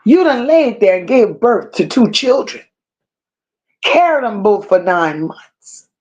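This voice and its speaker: A woman hosting a commentary stream, talking in a slow, emphatic and scornful way and stopping to read viewer comments aloud. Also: mid-range voice, big pitch swings, darkish tone. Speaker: commentary channel host. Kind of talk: unscripted livestream rant.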